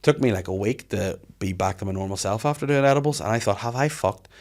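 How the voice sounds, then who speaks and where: A man hosting a podcast, telling animated stories in casual chat and swearing freely. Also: fairly low pitch, quick pace. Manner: animated storytelling, frequent swearing. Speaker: podcast host.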